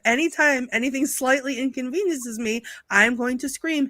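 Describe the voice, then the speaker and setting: A woman on a video call chatting excitedly with friends on a live stream, laughing often as she talks. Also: high-pitched, moderate pace, hardly any pauses, no echo. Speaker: panelist. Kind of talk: casual chat on a live stream.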